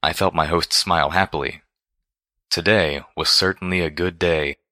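A man reading a fan-fiction story aloud in a steady storytelling manner. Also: low-pitched, moderate pace, no echo, clean studio sound. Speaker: reader.

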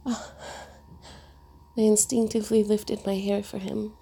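A woman narrating a first-person story in a soft, hushed, intimate reading. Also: medium pitch, level tone, a little slow, creaky, slightly rough.

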